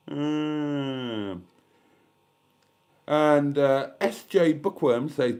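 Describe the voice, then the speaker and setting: A man's voice: medium pitch, lively intonation, slow, a little mellow. A man with a stuffy head cold chatting casually on a live stream from a caravan, reading comments aloud with dry, self-mocking asides. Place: caravan with gas fire.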